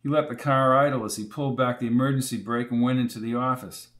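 A man narrating a novel as an audiobook in a steady, even storytelling voice. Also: medium pitch, quick pace.

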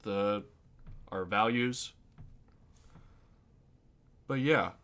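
A man's voice: on the low side, very slow, fairly bright tone. A young adult man co-hosting a casual podcast, chatty and prone to long explanations. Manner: chatty, explains things at length. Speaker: podcast co-host. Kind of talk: casual chat.

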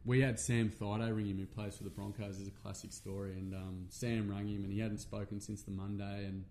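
A man's voice: lowish voice, flat delivery, a little fast, a little mellow, a little hiss or hum. Earnest Australian man telling a story. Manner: earnest, swears freely, many fillers. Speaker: podcast guest, men's workshop facilitator. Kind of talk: casual conversational storytelling.

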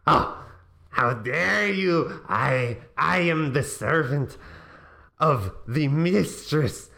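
A man voicing a fawning, drunk male manservant who speaks in a slow, halting, deferential way. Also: a little high, expressive, gravelly, pushed and bright, exaggerated voice. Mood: indignant.

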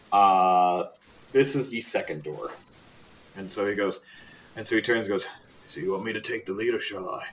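A man narrating a tabletop role-playing game as game master, casual and halting, with many fillers. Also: on the low side, a bit bright, poor audio.

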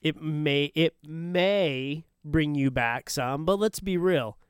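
A man co-hosting a podcast in casual chat, making wry short points as he reasons out loud. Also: on the high side, slow, smooth, dry recording, studio quality. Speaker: podcast co-host.

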